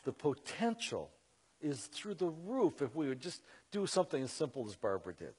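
A man telling a story to an audience in an animated, conversational way, with many fillers and asides. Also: on the high side, moderate pace, breathy edge. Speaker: Christian speaker. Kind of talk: storytelling talk.

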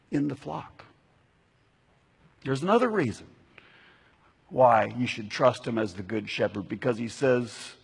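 A man delivers a sermon at a deliberate, unhurried pace. His voice is husky and gravelly, and he stretches out key words for emphasis. The long reverb of a church hall carries every phrase. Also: medium pitch. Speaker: pastor.

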